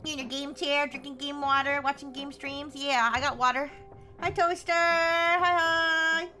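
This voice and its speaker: A bubbly young woman live-streams a game from home, greeting her chat by name and laughing between lines. Her voice sits high and sounds bright and crisp. Faint music plays behind her. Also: fairly even intonation, unhurried.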